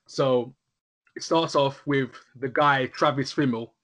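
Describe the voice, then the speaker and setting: Man, casual chat, bright forceful voice, animated, laughs a lot. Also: mid-range voice, slow. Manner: animated, laughs often, says "literally" a lot. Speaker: podcast host reviewing a horror episode.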